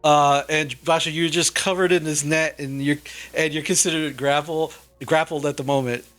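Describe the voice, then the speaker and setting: A man narrates a tabletop game as game master in a loose, casual way. He uses many fillers, and his voice sits a little high. Faint music plays under him. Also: fairly even intonation, moderate pace, a bit bright.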